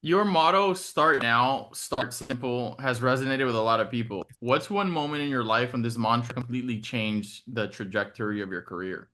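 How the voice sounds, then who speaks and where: A man's voice: medium pitch, moderate pace, few pauses, bright, forceful tone. A man hosting a podcast, asking questions and laughing along with his guest. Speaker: podcast host. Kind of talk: interview questions.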